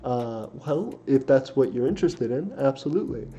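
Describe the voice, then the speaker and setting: Dark-voiced young man reading chat. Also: mid-range voice, animated, moderate pace. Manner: rambling, many fillers and self-corrections. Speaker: livestream host. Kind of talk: casual livestream chat, reading viewer comments aloud. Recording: dull lo-fi stream audio with faint hiss.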